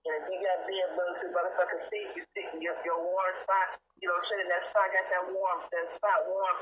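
A woman chatting with family on a recorded call, calm, blunt and full of swearing. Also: lowish voice, fairly quick, muffled recording, slight background noise. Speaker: the vlogger's sister. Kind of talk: casual family conversation.

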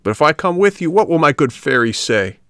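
A man voicing an impulsive wooden puppet boy, eager and pleading, rising to high exclaims. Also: sing-song, fairly quick, a bit bright, clear, resonant tone, dry recording, studio quality. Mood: hesitant.

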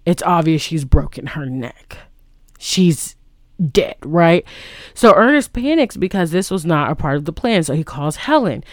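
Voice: medium pitch, big pitch swings, a little slow, no room sound, clean studio sound. A vlogger casually retelling a film plot, rambling and full of "like" and restarts.

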